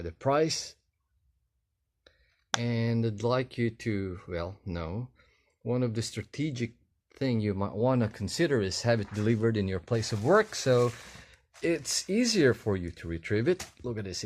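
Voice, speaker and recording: A man talking casually while unboxing and trying on a product, unhurried and halting, with pauses and fillers. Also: mid-range voice. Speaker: vlogger unboxing shoes.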